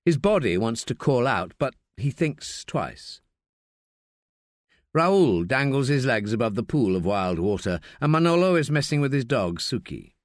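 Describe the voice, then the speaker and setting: Guy narrating an audiobook, measured and expressive, really lively delivery, dry booth sound. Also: mid-range voice, no room sound. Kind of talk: scripted narration.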